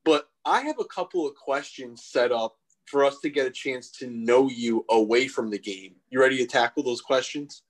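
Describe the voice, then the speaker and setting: Male host asking set questions in an upbeat, mid-pitched voice. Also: moderate pace. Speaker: interviewer. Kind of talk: interview questions.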